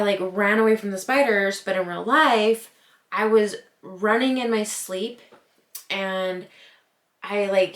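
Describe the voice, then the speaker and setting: A young woman telling a spooky personal story in a chatty vlog, with lots of "like" and laughing at herself. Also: medium pitch. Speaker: vlogger. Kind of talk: casual storytime. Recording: roomy echo.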